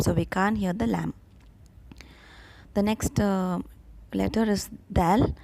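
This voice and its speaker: Tutor, female, breathy, patient and repetitive, mid pitch. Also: warm tone. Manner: patient, repeats each word slowly, with fillers. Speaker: Arabic tutor. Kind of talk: step-by-step language lesson.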